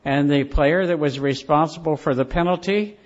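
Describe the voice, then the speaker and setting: A male pastor delivers a sermon as an earnest storyteller, leaning on slow, weighted phrases. His voice sits a little high for a man. The recording is dull and lo-fi.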